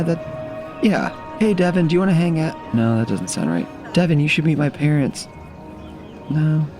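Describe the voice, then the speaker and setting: A man voicing a giddy, chatty little bug who keeps repeating himself, with music playing underneath. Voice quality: excitable, high squeaky delivery, keeps repeating himself. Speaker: comedy podcast improviser. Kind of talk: improvised comedy scene.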